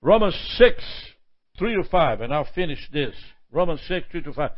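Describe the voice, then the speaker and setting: A man's voice: fairly high pitch, big pitch swings, moderate pace, lo-fi sound. A male pastor preaching a sermon with impassioned repetitions and prayerful asides.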